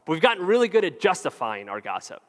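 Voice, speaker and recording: A man's voice: a little high, sing-song, fast talker. A man preaching a casual, joking sermon as a pastor. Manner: conversational, jokey, acts out quoted voices. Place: church hall with long reverb. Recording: reverberant church hall.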